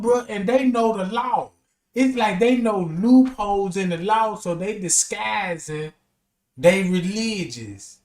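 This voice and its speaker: A high-pitched man talks through a stream in a slow, unhurried drawl. He gets animated and slangy, rambling from point to point. His voice rings in an echoey room. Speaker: streamer reacting to a text. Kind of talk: casual commentary.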